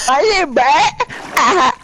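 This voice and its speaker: Young man putting on a high whiny goofy voice. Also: background noise, heavily acted. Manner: mocking, halting, stammering.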